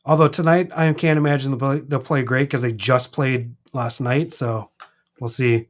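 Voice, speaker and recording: A man with a Minnesota accent chatting casually as co-host of a live stream, rambling and animated. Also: mid-range voice, normal speed. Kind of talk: casual chat. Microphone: streaming mic.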